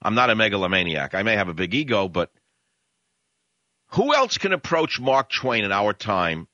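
Animated, ranting male radio host. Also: on the low side, normal speed, dry recording, highs cut off. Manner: combative, ranting, rhetorical questions. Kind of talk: opinionated radio monologue.

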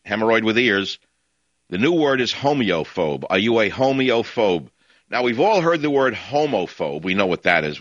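A man's voice: low voice, sharp tone, no echo. A man hosting a talk radio show, delivering an opinionated monologue with a sarcastic, combative edge, heard over muffled lo-fi broadcast audio.

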